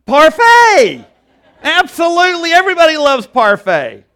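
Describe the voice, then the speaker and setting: A man voicing a chatty, excitable male talking donkey from a cartoon film, eager and squealing. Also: high voice, fast talker.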